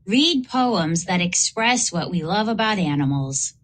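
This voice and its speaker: A woman teacher reading children's poems aloud for a lesson, slow, clear and expressive. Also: fairly low pitch, slight background noise.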